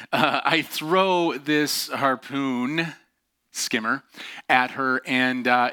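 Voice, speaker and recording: A middle-aged man preaches from the pulpit, opening his sermon with a long story. His voice is bright and forceful, sitting at an average pitch. He is animated and self-mocking, and he keeps laughing at his own tale. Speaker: pastor.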